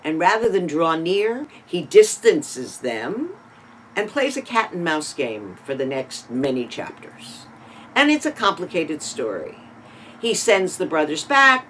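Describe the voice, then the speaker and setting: Torah teacher, sermon-style retelling, dramatic swings in loudness, rhetorical asides, mid-pitched voice, faint background hum. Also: rough recording. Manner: explains with asides and rhetorical questions.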